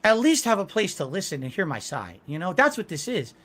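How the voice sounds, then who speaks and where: A man's voice: high voice, big pitch swings, brisk, a bit bright. A man answering interview questions over a video call, hesitant and evasive, restarting his sentences often. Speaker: interview guest, streamer.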